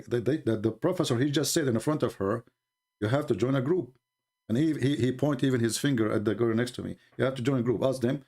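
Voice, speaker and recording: A man whose first language is not English, giving a mocking, sarcastic monologue that jumps into high voices when he quotes people. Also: slightly rough. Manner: sarcastic, mocking, animated retelling with bursts of laughter. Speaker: religious commentator.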